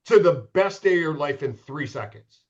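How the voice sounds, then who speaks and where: A man's voice: a little high, lively intonation, normal speed, breathy edge, muffled recording. Swearing middle-aged man telling stories. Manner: profane, candid, self-mocking. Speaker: podcast guest, former pro hockey goalie. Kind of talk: casual storytelling.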